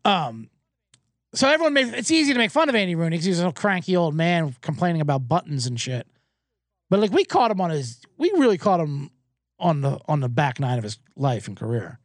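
Rambling male betting-show host, high voice with big swings, dry booth sound. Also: fairly quick, no room sound. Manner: rambling, excitable, profane. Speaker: podcast host and sports bettor. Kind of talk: casual sports betting rant. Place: small booth, alone.

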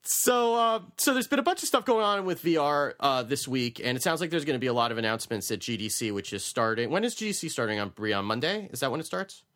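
A man's voice: mid-range voice, sing-song, fast talker, few pauses, fairly bright tone. A man hosting a casual podcast chat, often stammering and restarting his sentences. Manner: stammering, self-interrupting. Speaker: podcast host.

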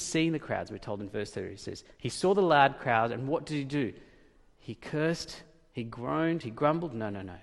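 A man preaching a sermon, emphatic and repeating key phrases, dropping to a hush and then rising again. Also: mid-range voice, gravelly. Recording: long hall reverb.

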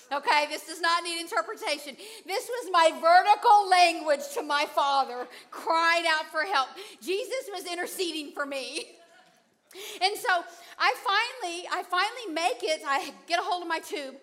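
A middle-aged woman preaching, telling a personal story in an animated way and acting out her own panic and her husband's calm replies. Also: very high-pitched, moderate pace.

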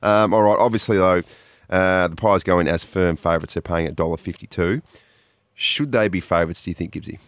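A man's voice: low voice, a little fast, no echo. A man hosting a radio show, upbeat and teasing, laughing often in casual studio banter. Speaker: radio host.

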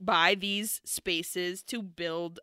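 A woman's voice: on the low side, drawn-out words, clear, resonant tone, no echo, clean studio sound. A woman co-hosting a podcast, recapping a film in casual chat and acting out the characters' lines. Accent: American. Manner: animated storyteller acting out characters. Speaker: podcast co-host.

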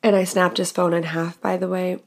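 A young woman hosting a podcast, telling a personal story in a candid, expressive way and swearing freely. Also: on the low side, brisk. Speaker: podcast host. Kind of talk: casual storytelling monologue.

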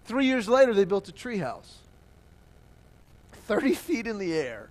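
A man preaching a sermon, telling a childhood story with lively acted-out voices and quotes. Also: high-pitched, measured pace. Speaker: pastor.

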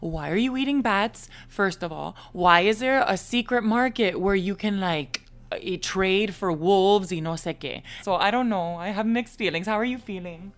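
A woman's voice: mid-range voice, normal speed. A woman co-hosting a casual chat podcast, talking in a chatty, gossipy and emphatic way. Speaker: podcast co-host.

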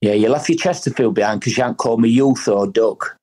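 A man's voice: mid-range voice, a little fast, a crowd in the background. A man from Sheffield with a Yorkshire accent, a podcast guest bantering casually in broad dialect. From Sheffield, England. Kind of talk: casual chat.

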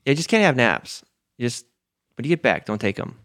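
A man co-hosting a casual podcast chat, laid-back and quick with his answers. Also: medium pitch, sing-song, fairly bright tone, dry recording, clean studio sound.

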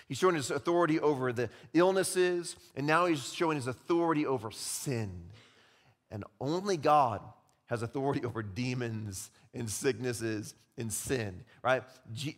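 A young adult male pastor preaching a sermon, animated, acting out quoted voices and dropping to quiet emphasis. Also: mid-range voice. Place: church sanctuary. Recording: long hall reverb.

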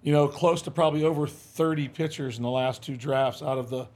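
A man's voice: fairly high pitch, fairly even intonation, brisk, a little mellow. An older man, a former baseball manager, telling stories as a podcast guest in a casual, folksy way, acting out the quotes he tells. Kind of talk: casual interview storytelling. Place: podcast studio.

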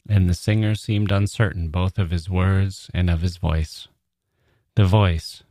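A man hosting a podcast, reading a story in a measured, reflective way and commenting on it. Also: sits low, mellow, no room sound, clean studio sound. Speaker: podcast host.

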